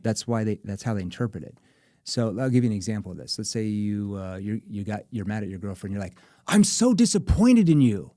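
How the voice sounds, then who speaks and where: A man, a sales trainer as guest, explaining sales techniques in an animated, demonstrative way, acting out different tones of voice. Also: lowish voice, fast talker, no echo, clean studio sound. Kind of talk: animated instructional chat.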